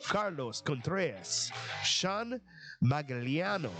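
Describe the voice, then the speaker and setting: A playful man co-hosting a podcast, his slightly nasal voice swinging up and down as he teases and jokes. Guitar music plays clearly behind him. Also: mid-range voice, moderate pace. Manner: joking, teasing, animated name-reading. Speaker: podcast co-host. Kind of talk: casual chat.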